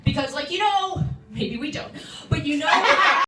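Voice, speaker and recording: Young woman comic from new york, bright voice, laughs at her own bits, far off mic in an echoey room. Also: sits high, expressive, a little slow. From New York City. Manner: chatty, self-interrupting, laughs at own jokes. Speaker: stand-up comedian. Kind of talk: stand-up set at an open mic. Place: small comedy room indoors. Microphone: phone livestream from the room.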